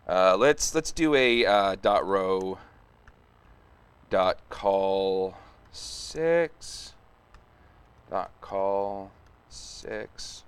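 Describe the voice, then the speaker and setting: Male streamer, lowish voice, casual live-coding commentary, thinks aloud and mutters while working. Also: fairly bright tone.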